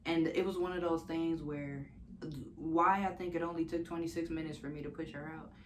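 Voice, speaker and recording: A woman's voice: deep voice, steady tone, brisk, a little hiss or hum. A young woman from the United States telling her own story in a casual, candid vlog, swearing freely and laughing often. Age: young adult.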